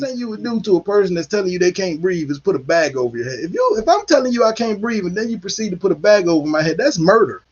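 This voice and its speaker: Male host, high husky voice, furious profane rant, dull lo-fi audio. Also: animated, fast talker, few pauses, darkish tone. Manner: angry, profane ranting. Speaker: political commentary host. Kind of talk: heated solo commentary.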